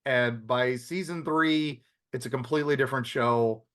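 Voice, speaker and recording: A man's voice: mid-range voice, moderate pace, a bit bright. A man co-hosting a podcast, chatting casually and rambling through restarts and asides. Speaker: podcast co-host. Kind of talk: casual chat.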